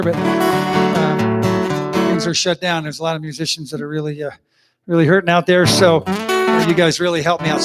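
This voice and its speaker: A man hosting a living room concert, chatting casually and rambling between songs with plenty of fillers. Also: on the high side. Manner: rambling, folksy, full of fillers and asides. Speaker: singer-songwriter hosting an online concert. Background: guitar.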